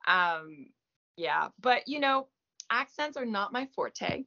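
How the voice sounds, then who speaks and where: Woman, native French speaker, from Quebec, self-deprecating, forceful tone, lo-fi sound. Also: a little high, animated, slow, vocal fry. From Gaspé, Quebec, Canada. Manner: chatty, self-deprecating, many fillers. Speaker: guest actress. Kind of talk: casual interview chat. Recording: muffled lo-fi audio.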